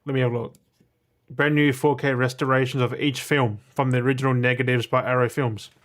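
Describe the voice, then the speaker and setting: A man's voice: medium pitch, little pitch movement, a little fast. Blunt, rambling man. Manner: blunt, swears casually, digresses and restarts often. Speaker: YouTuber showing his weekly movie and game pickups. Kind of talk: casual rambling to camera.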